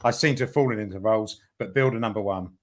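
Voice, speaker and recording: A man's voice: lowish voice, fast. A man from Aldershot with a Cockney-like southern English accent, a guest in a casual interview, blunt and plain-spoken, swearing freely. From Aldershot, England. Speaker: guest, builder and journalist.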